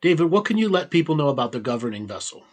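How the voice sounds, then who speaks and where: A man's voice: a little high, sing-song, racing. A man hosting a talk show on a video call, coaching a guest and checking in often. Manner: coaching, checks in with repeated "okay?". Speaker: host and healer. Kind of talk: casual chat.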